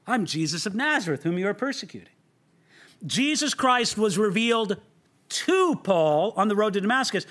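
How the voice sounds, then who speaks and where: A man teaching the Bible verse by verse, emphatic, often asking the listener rhetorical questions and tripping over repeated words as he gets excited. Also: high-pitched.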